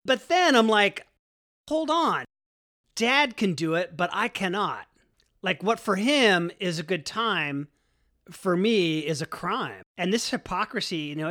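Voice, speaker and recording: A man's voice: sits high, lively intonation, moderate pace, bright, forceful tone. A man telling a long personal story in a casual, profane way, full of "like" and "you know". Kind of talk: first-person storytelling monologue.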